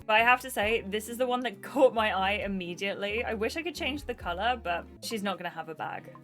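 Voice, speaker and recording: A woman's voice: mid-range voice, expressive, brisk, soft background music. A woman, chatting casually while playing through a story game. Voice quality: chatty, musing aloud. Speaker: gamer. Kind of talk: let's-play commentary.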